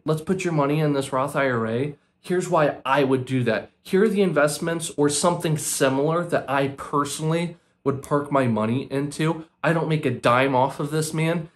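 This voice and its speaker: A young man with an American accent, speaking in an emotional, unscripted vlog monologue, earnest and impassioned, repeating words for emphasis and often saying "man" and "dude". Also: a little high. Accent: American English. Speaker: vlogger, former financial advisor.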